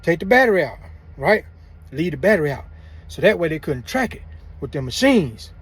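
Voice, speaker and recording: A man's voice: on the high side, sing-song, a little fast, slightly rough. A man telling a story to camera in casual slang, repeating himself as he goes. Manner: repetitive, loose, drawling speech with slang. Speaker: vlogger telling prison stories.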